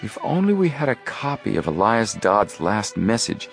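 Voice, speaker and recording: A man's voice: lowish voice, sing-song, moderate pace, creaky, faint music behind, pitched above the performer's own voice. A man doing an eager teenage boy detective. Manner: eager and questioning.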